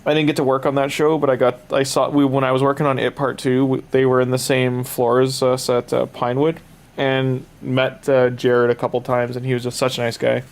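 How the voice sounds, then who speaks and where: A man's voice: medium pitch, completely flat delivery, brisk, vocal fry. A Canadian man with a Canadian accent, casually chatting while playing a game, sleepy and rambling with lots of restarts. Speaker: game streamer. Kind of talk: casual gaming commentary.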